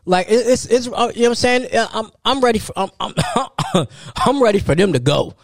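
Animated man telling a story on his podcast. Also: fairly quick, creaky, dry recording, studio quality. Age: 30s. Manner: animated storytelling, jumps high for quoted voices. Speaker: podcast host. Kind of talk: solo podcast monologue.

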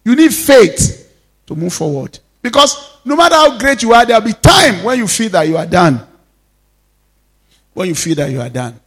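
A pastor preaching a sermon, swinging between loud exhortations and soft, intimate asides. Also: male voice, sits high, sing-song, normal speed, husky.

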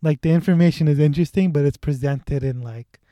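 A man's voice: on the high side, fairly quick, dark tone, dry recording, clean studio sound. A man casually chatting about movies with a friend, laid-back and joking, swearing now and then.

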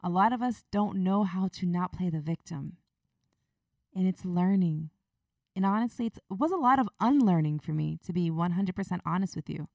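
A young woman hosts her own podcast and speaks straight to her listeners in an earnest, confiding way. Her voice sits fairly low for a woman and has a gravelly edge. The sound is dry, with no room echo, and she is a little away from the mic. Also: normal speed, a little mellow, far from the mic. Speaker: podcast host. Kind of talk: personal podcast monologue.

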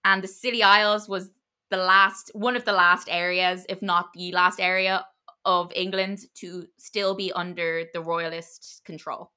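Bright-voiced woman telling history casually. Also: lowish voice, steady tone, unhurried. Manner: loose and chatty, with many fillers and restarts. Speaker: podcast co-host telling a history story. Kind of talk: casual storytelling chat.

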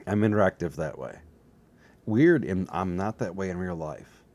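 A man talking alone to his webcam in a rambling, self-mocking way, with a slightly hoarse voice. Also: deep voice, lively intonation, normal speed, darkish tone. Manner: self-mocking, jokey, drifts between topics. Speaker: solo vlogger. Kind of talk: rambling casual monologue to camera. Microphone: desk setup facing a webcam.

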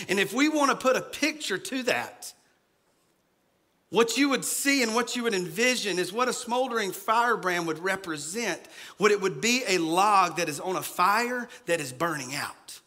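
A man preaching a sermon as pastor, dropping to a hushed voice when he acts out scripture. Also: sits high, animated, a little slow.

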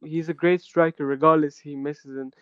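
A man co-hosting a podcast, talking football in a blunt, animated way and calling his co-host bro. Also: on the high side, moderate pace, clear, resonant tone, dry recording, lo-fi sound. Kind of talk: casual football chat.

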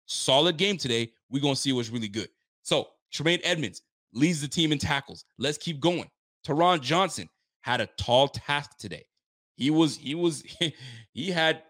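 A man's voice: medium pitch, a bit bright, no echo, studio quality. A man hosting a live stream, recapping a football game with hyped, joking, rhetorical delivery. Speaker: fan channel host.

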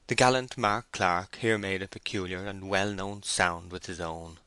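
A man reading a classic novel aloud in a measured, deliberate narration. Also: deep voice, steady tone, bright, forceful tone, no echo. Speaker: audiobook reader.

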